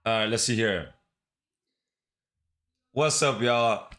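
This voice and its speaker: This livestreamer is a man with a Caribbean accent who talks casually and in slang to his viewers while he codes, addressing them directly and staying relaxed. He speaks slowly in a lowish, slightly bright voice.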